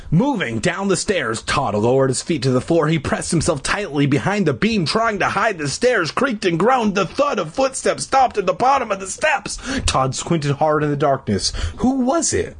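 A man reading a kids' horror story aloud with mock drama and crude jokes slipped in. His voice is husky and he moves his pitch widely for effect. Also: sing-song, moderate pace, few pauses. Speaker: reader. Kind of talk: comedic parody reading of a children's horror book.

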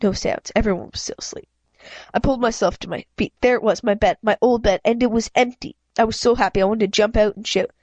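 A woman reads a children's novel aloud in first person, halting often and correcting herself. Her voice is fairly high, steady and a bit dark. The recording is dry and lo-fi.

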